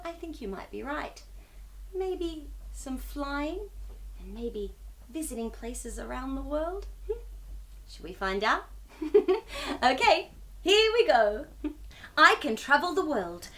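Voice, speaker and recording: High bubbly young woman doing kids storytime, super swoopy sing-song voice. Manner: bubbly, sing-song, talks to children as if they answer. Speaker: children's storytime host. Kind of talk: children's storytime reading.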